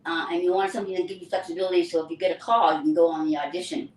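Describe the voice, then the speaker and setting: An older woman, an actress, recounting her career in a lively, anecdotal interview style. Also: lowish voice, racing, a little hiss or hum. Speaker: actress and guest. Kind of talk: casual interview storytelling. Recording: roomy distant mic with faint ambience.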